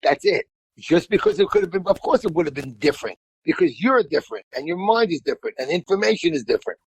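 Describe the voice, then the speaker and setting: A man's voice: a little high, animated, fast, husky, dry recording, low-quality recording. Rambling older man. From New York. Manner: rambling storyteller, repeats words, colorful and blunt. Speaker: guest musician. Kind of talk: casual interview chat.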